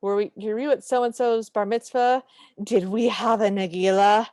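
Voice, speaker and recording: A woman's voice: mid-range voice, fairly even intonation, normal speed, darkish tone, no echo, clean studio sound, natural voice. A woman putting on the voice of a mean, suspicious young woman who is pushy and accusing.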